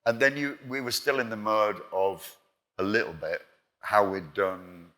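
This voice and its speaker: An older English man, a guest musician, spins lively stories of past recording sessions and acts out each back-and-forth himself. His voice sits very low but comes across bright and forceful. He swears freely as he tells them. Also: measured pace. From England. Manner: animated anecdotes, acting out quoted exchanges, swears freely. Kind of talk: storytelling in a live interview.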